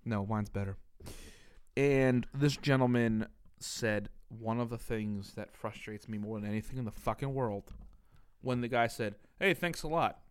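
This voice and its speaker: A man's voice: mid-range voice, a little slow, smooth. A young man with an ordinary mid-range voice tells a story on a casual comedy podcast. He swears constantly and sounds exasperated. He builds up the tale with mock drama. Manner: profane, exasperated ranting. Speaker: podcast co-host.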